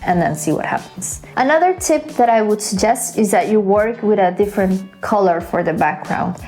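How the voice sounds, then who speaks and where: A woman's voice: medium pitch, lively intonation, moderate pace, darkish tone, soft background music. A woman hosting a casual drawing tutorial, chatty and playful, with self-mocking asides. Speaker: art tutorial host.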